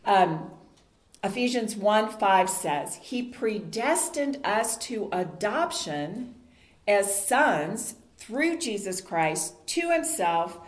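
A woman's voice: medium pitch, sing-song, takes it slowly. A woman teaching a Bible study group in an earnest, conversational sermon style, asking the group questions. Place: meeting room with a group. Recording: roomy echo.

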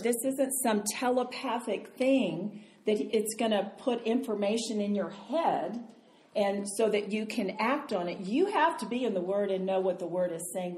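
An older woman giving a storytelling sermon as a Bible teacher, chatty and animated. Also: medium pitch, moderate pace. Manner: animated, chatty storyteller who laughs often. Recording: roomy hall sound with faint noise.

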